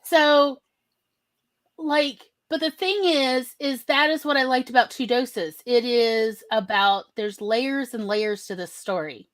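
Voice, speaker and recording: A woman's voice: fairly high pitch, slow pace. Chatty woman co-host telling family stories. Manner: storytelling, acts out quoted relatives in shifting voices. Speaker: podcast co-host. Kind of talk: casual chat.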